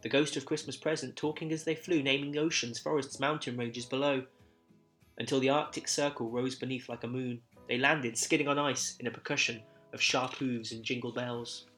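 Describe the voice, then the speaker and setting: A man reads a Christmas story in verse at a medium pitch, his delivery measured and rhythmic. Soft guitar music plays quietly behind him. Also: steady tone. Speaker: narrator.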